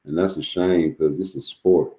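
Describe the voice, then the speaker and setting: Low-voiced man rambling on a livestream. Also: fairly even intonation, normal speed, dark tone, poor audio. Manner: loose, profane, rambling street talk. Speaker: livestream host. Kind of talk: casual livestream storytelling.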